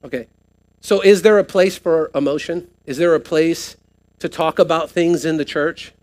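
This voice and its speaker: A pastor preaches to his congregation with a high-pitched voice. He keeps asking the room questions and drives each point home with rising emphasis. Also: steady tone, normal speed, a little mellow. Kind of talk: sermon. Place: church sanctuary, live service.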